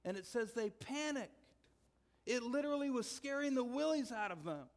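High-voiced male pastor in a reverberant hall. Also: lively intonation, normal speed. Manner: conversational storytelling, dropping to quiet earnest tones. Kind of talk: sermon.

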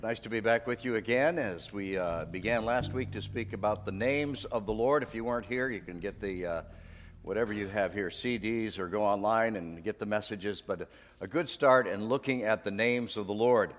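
A man's voice: fairly low pitch, moderate pace, a little hiss or hum. A male pastor preaching a sermon in a church, talking in a conversational way and leading the congregation in call-and-response. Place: church sanctuary. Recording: long hall reverb.

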